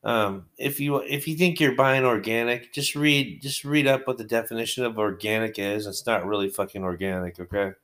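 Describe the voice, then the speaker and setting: A man's voice: medium pitch, moderate pace, few pauses, fairly bright tone. A man with a wargaming hobby, talking at home in a rambling, profane, conversational monologue.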